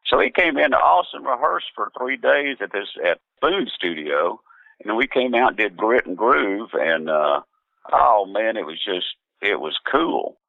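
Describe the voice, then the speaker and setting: A low-voiced man spins a loose, rambling yarn, stopping and restarting with plenty of "uh"s. His voice comes over a tinny, phone-like line with no room sound around it. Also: lively intonation, unhurried, creaky, no room sound. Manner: rambling, laid-back, many fillers and restarts, quotes others in voices. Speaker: musician guest. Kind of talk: casual anecdotal storytelling.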